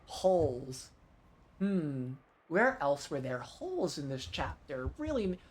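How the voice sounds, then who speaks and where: A man's voice: on the high side, sing-song, measured pace, husky. A man streaming a visual novel, thinking aloud and swearing freely while he reads the text aloud. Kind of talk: casual let's-play commentary and reading aloud.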